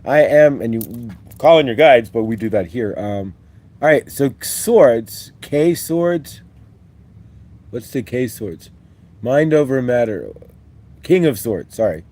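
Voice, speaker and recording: A man's voice: mid-range voice, animated, slow pace, darkish tone. A man hosting a live-stream spiritual talk, rambling and upbeat as he leads repeat-after-me affirmations. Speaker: host.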